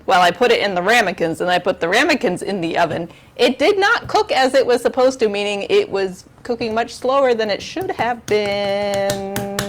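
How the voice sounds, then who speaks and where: A woman's voice: mid-range voice, a little hiss or hum. A woman hosting a charity livestream from her home kitchen, chatting casually in a rambling, giggly, self-mocking way on a lavalier mic. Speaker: charity stream host.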